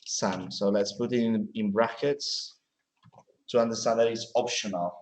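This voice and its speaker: A man's voice: on the low side, steady tone, echoey room, poor audio. A man teaching English grammar in a classroom, correcting sentences patiently with examples. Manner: patient, explains slowly with examples.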